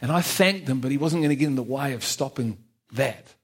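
A man's voice: medium pitch, fairly quick, husky. A man giving a personal church testimony, frank and self-mocking, often laughing at himself. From England. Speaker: testimony speaker.

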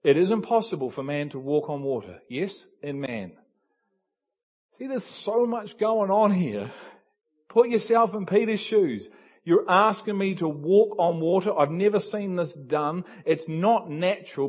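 Male preacher, slightly high husky voice, dramatic sermon delivery with big volume swings. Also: animated, normal speed. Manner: swings from hushed to shouting, acts out dialogue.

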